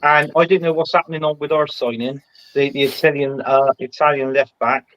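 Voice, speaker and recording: A man's voice: on the high side, fairly even intonation, brisk, a bit bright, no echo. A man on a football chat panel, bantering and making mock-serious announcements in a jokey tone. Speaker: podcast panelist. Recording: dull lo-fi audio.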